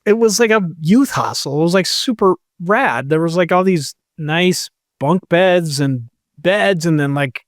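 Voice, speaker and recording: A man's voice: a little high, lively intonation, unhurried, dry recording, studio quality. A man co-hosting a podcast, telling a long rambling story and quoting people as he goes. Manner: rambling, quotes people with "he's like". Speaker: podcast co-host. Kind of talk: casual storytelling chat.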